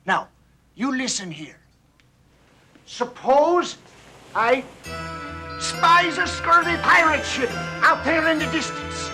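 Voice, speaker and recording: A man's voice: very high voice, animated, takes it slowly, pauses often, bright, forceful tone, faint music behind, heavily acted. A man voicing a boisterous old pirate captain who tells sea stories, with a hearty pirate brogue, in an educational cartoon.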